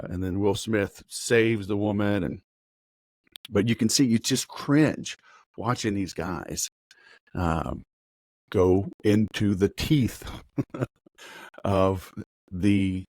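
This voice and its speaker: Low-voiced, fast-talking sales coach, a man. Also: no room sound, studio quality. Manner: rapid, conversational, full of fillers and analogies. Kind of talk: casual motivational talk.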